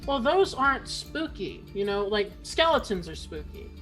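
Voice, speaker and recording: A woman's voice: medium pitch, very animated, moderate pace, fairly bright tone, faint music behind, poor audio. A woman playing a tabletop game, chatty, with lots of "like.". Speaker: player. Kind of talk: casual tabletop role-play.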